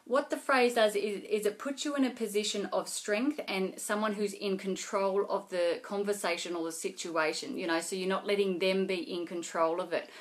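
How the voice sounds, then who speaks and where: A young adult woman speaks straight to her viewers in a relaxed, chatty way. Her voice sits at an ordinary middle pitch, and she often circles back with fillers and restarts while she explains sales tips. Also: normal speed, hardly any pauses. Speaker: network marketing vlogger. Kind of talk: casual advice vlog to camera.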